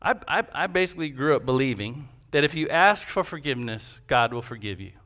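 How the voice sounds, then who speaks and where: A man's voice: mid-range voice, expressive, brisk, pushed and bright. A man preaching a sermon as pastor, emphatic, with rhetorical questions and repetition.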